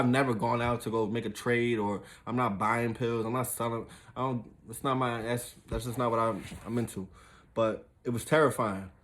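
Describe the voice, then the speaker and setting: A man's voice: lowish voice, fairly bright tone. A young man telling a story in casual, profane talk, full of fillers and restarts. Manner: loose and profane, with frequent fillers and laughs.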